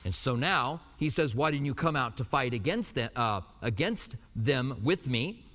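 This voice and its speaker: A pastor from Albuquerque teaching verse by verse, reading scripture slowly and then explaining it in a conversational way with light jokes. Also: male voice, medium pitch, expressive, a bit bright. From Albuquerque, New Mexico. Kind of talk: verse-by-verse sermon. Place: church in Tucson. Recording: hall reverb.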